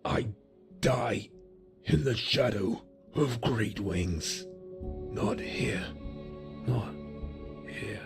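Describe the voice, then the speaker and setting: A man's voice: medium pitch, animated, gravelly, voice pushed up, exaggerated voice. A man doing a dying, defiant warrior. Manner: strained, halting, through clenched teeth. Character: dying male warrior, defiant through pain. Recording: music bed under voice.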